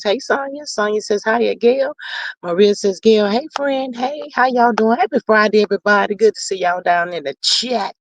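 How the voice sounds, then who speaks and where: A woman's voice: fairly high pitch, a little mellow, no echo. A folksy woman hosts a livestream and chats casually while reading viewer comments. She drawls and leans on down-home slang. The sound is dry and close, with no room in it. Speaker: livestream host.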